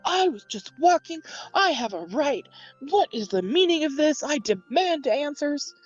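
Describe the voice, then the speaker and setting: A woman's voice: high voice, very animated, measured pace, lo-fi sound, faint music behind, pitched above the performer's own voice. A woman voicing an indignant captured man who demands answers and screams for help.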